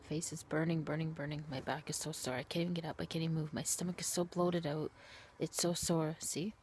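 A woman vlogging to her camera in a weary, complaining way, often sinking into a breathy whisper. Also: sits low, fairly even intonation, a little fast, darkish tone, a little hiss or hum. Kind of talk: casual talk to camera.

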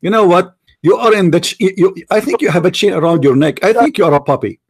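A man's voice: sits high, fast, gravelly, husky. A man whose first language is Arabic, hosting a heated live online debate, taunting and repeating himself as he talks over his opponent. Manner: taunting, repetitive, talks over the other speaker. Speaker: debate host.

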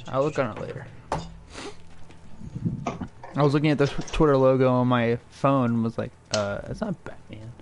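A man's voice: mid-range voice, steady tone, moderate pace, long pauses, background noise. A young man chatting and trash-talking with friends while playing a game on a live stream. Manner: teasing, jokey, trash talk while playing. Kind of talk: casual chat during a live game stream.

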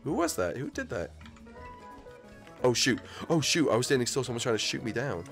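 A young man giving excited gameplay commentary, hyped and repetitive, trash-talking and shouting in triumph. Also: mid-range voice, fairly quick, over music. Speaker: gaming YouTuber.

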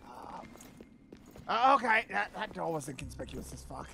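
A man voicing an arrogant, hot-headed alien warrior prince while playing a video game, swearing and shouting at it. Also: sits high, very animated, normal speed, slight background noise, exaggerated voice. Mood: ranting, gaming. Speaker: let's-play gamer. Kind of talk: gaming commentary in character. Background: game music.

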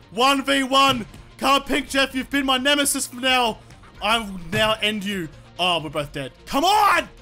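Young gamer, very high bright voice, loud and yelling, faint game music behind. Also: male voice. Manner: loud, excitable, swears and yells often. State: sore throat from yelling. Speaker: gaming YouTuber. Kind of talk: let's play commentary. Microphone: desk microphone.

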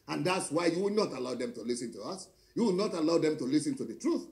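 A man's voice: fairly high pitch, sing-song, fast, few pauses, darkish tone. A middle-aged man, preaching in a confrontational, declaiming way with pointed rhetorical questions. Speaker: pastor. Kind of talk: fiery preaching monologue.

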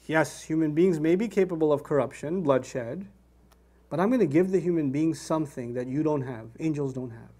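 A man giving a conversational Quran commentary lecture, animated and acting out quotes. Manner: animated, conversational, acts out quotes with rising pitch and laughter. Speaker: Islamic preacher.

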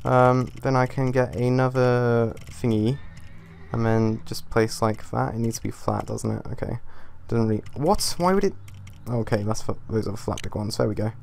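A man's voice: mid-range voice, normal speed, vocal fry, darkish tone, slight background noise. A young man giving casual gameplay commentary as he builds, muttering to himself, swearing and getting easily frustrated. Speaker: gaming YouTuber.

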